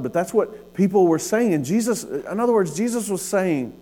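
A man, preaching a sermon and telling a personal story with lively, acted-out dialogue. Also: sits high, moderate pace, few pauses. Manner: storytelling, animated with laughs and acted-out quotes. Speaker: pastor.

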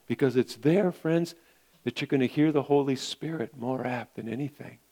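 A man's voice: medium pitch, normal speed, dark tone. A male pastor preaching a sermon in an earnest, repetitive way, often calling his listeners friends.

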